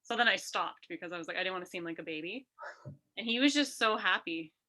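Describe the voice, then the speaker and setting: Bright-voiced woman telling a story. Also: fairly low pitch, brisk. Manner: animated, re-enacts quotes in a lively voice. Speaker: interview guest. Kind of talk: personal storytelling in conversation.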